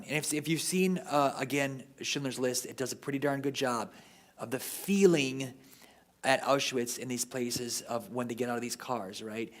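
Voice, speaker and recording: A man's voice: mid-range voice, moderate pace. A man giving an informal history lecture at a parish, talking off the cuff and often ending sentences with "right?".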